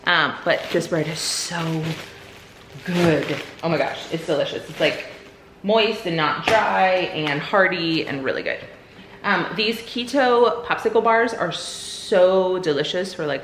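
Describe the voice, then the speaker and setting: A woman's voice: on the low side, a bit bright. A woman chatting casually through a grocery haul in an upbeat, chatty way with lots of fillers. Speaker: vlogger. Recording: echoey room, faint noise.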